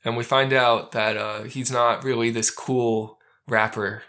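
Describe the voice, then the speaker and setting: A man with a mid-range voice lays out a film's story beat by beat in easy conversation. He chuckles now and then and keeps a steady, casual flow. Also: medium pitch, a little slow. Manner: narrates plot step by step, chuckling. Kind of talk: casual chat recapping a film.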